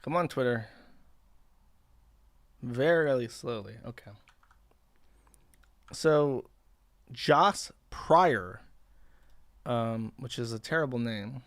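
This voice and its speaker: A man's voice: mid-range voice, very slow, long pauses, no echo. A man hosting a livestream, reading posts aloud in casual commentary with a sarcastic, profane, mocking manner. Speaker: livestream host.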